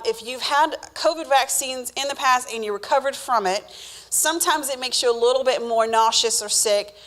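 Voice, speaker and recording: A woman's voice: a little high, fairly bright tone. Chatty woman explaining vaccines. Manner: explanatory, many fillers and restarts, acts out the body talking. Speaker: health educator answering questions. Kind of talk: informal Q&A explanation.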